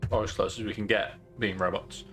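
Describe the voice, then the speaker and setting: Man, gaming commentary, low voice, sarcastic and chatty, game music behind. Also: steady tone, brisk, fairly bright tone. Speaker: gaming streamer. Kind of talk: casual let's-play commentary.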